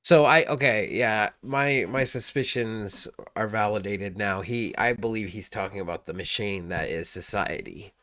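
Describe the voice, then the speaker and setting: A man's voice: fairly low pitch, normal speed, hardly any pauses, sharp tone, a little hiss or hum. A man casually reacting to a song as a streamer, rambling and laid-back, peppering his talk with "like" and "dude".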